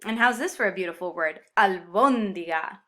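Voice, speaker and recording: Bright-voiced woman teaching a lesson. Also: medium pitch, expressive, moderate pace. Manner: clear, upbeat explaining with Spanish example words. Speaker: Spanish teacher. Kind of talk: explanatory video lesson.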